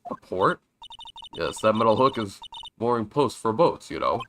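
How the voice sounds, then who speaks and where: Young man, game streamer, bright tone, playful rambling commentary with loud bursts. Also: fairly low pitch, expressive, normal speed, soft background music. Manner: chatty, jokey, reads game lines with loud outbursts. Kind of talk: casual let's-play commentary reading dialogue aloud.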